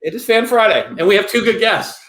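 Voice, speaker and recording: A middle-aged man hosting a show, joking and animated in casual banter. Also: high-pitched, fairly quick. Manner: animated and joking, prone to whoops. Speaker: show host. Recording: roomy echo.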